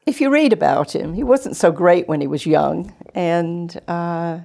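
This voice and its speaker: In a community TV studio, a woman in her seventies with a low, gravelly voice tells stories as a guest on a relaxed interview show. The former nurse talks at a measured pace, full of lively, chatty anecdotes.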